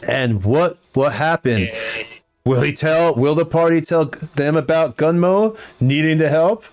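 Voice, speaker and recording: A man's voice: on the high side, a little slow, a little mellow, soft background music. A man narrating as game master, rambling and restarting his sentences often. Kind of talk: narrating a tabletop game over a video call.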